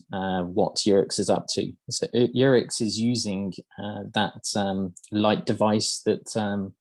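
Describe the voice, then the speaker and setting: Low-voiced podcast host guy, rambling through game lore with tons of ums, dry close sound. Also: a little mellow, dry recording. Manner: hesitant, lots of ums and uhs. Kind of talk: casual chat explaining game lore.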